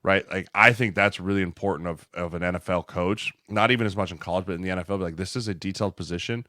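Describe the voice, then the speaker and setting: A man with a very low, deep voice talks through his points in a casual podcast chat, steady and earnest. He checks in with the listener as he goes, and the sound is dry and close, with no room around it. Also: fast, no room sound. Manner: earnest, explanatory, tags lines with "right?". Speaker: podcast co-host, former offensive lineman.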